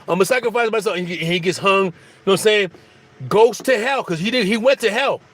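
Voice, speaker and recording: A man talking through spiritual ideas in a loose, preachy monologue. He circles back, repeats phrases and restarts his sentences, and his voice sits a bit high for a man. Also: lively intonation, fairly quick, fairly bright tone. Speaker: spiritual speaker.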